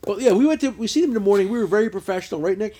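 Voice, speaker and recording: Brief: profane, animated man, podcast host, higher-pitched voice. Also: very fast. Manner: profane, rambling storyteller. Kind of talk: casual chat. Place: lounge, lying on a couch.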